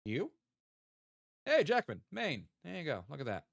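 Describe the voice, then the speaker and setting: A man's voice: on the high side, wildly swooping pitch, normal speed, vocal fry, dry recording, studio quality. A young man, chatting casually with viewers while playing a geography game and thinking aloud. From American South. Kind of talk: casual live-stream chat.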